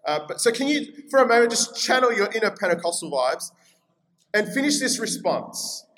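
High-voiced Australian preacher. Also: male voice, moderate pace, poor audio. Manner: energetic, conversational preaching with scripture reading. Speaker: pastor. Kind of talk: sermon.

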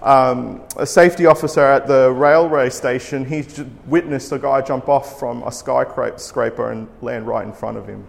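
A man, preaching a sermon in an earnest, measured way. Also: mid-range voice, fairly even intonation, gravelly. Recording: long reverb in a large hall.

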